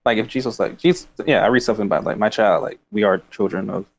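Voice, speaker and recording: Speaking fast in a lowish voice, a man rambles about a book, reading excerpts and laughing often between fillers. The recording sounds muffled.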